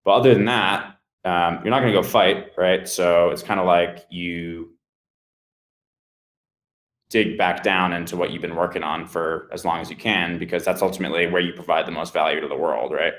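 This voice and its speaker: A man's voice: deep voice, steady tone, moderate pace, fairly bright tone, reverberant. A man hosting a podcast, talking in a thoughtful, rambling casual chat.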